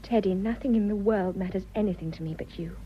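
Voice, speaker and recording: A woman's voice: medium pitch, fast talker, close to an everyday voice. An English actress playing an affectionate, teasing young wealthy woman, in 1940s radio acting. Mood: tender, teasing. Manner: tender, teasing. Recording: dull old radio broadcast with faint hiss.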